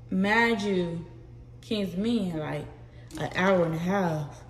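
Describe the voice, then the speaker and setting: Young woman, vlogger, talking slowly and haltingly, a little far from the mic. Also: lowish voice, slight background noise. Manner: slow, halting, filler-heavy talk. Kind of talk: casual storytelling to viewers. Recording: echoey room from a distance, running water.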